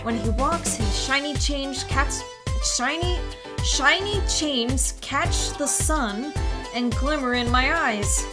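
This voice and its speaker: Woman voicing a sour young female detective, high-pitched, loud game score. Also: measured pace, few pauses. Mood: grumbling. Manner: sour, complaining. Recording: loud game music behind.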